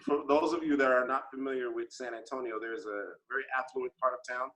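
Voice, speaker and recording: A man co-hosting a casual podcast, explaining with expressive, playful emphasis. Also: mid-range voice, fast talker. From Texas. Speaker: podcast co-host. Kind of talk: casual chat.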